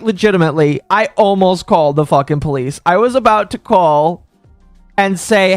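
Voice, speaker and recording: A man's voice: high voice, moderate pace, no echo, faint music behind. A man hosting a live stream in a casual rant, heated and swearing, with frequent stammers and restarts. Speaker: stream host.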